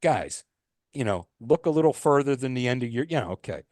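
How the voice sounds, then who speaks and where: A podcast co-host rants emphatically in casual chat, restarting his sentences often. His medium-pitched, darkish voice moves briskly with lively intonation, recorded dry with clean studio sound.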